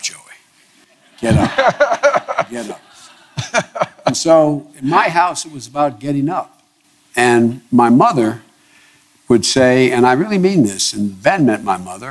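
An earnest man recalls his upbringing in an interview. He speaks emphatically and halts often, with frequent restarts. His voice sits at an ordinary pitch for a man. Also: a little mellow. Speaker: interview guest, politician. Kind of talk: reflective personal storytelling.

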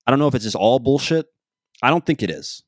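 A man's voice: mid-range voice, expressive, fast talker, dry recording, clean studio sound. A man hosting his podcast alone, rambling casually, joking and losing his train of thought. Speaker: podcast host. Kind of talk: casual solo podcast monologue.

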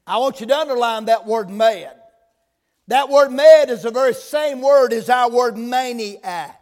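High-voiced preacher in a reverberant church. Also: male voice. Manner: builds from quiet prayer to loud emphatic preaching. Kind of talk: sermon. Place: church sanctuary. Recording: long reverb of a church hall.

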